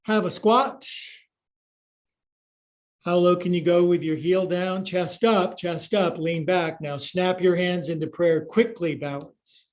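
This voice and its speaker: A man's voice: high-pitched, steady tone, takes it slowly. An older man teaching a live-streamed yoga class, giving upbeat, playful cues and counting through poses, sometimes out of breath. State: out of breath at times.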